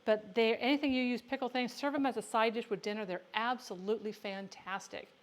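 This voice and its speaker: A woman with a fairly high, brisk voice and fairly even intonation hosts a casual livestream about home canning. She's chatty, answering viewer questions and talking to herself as she works, all while dealing with a case of the hiccups.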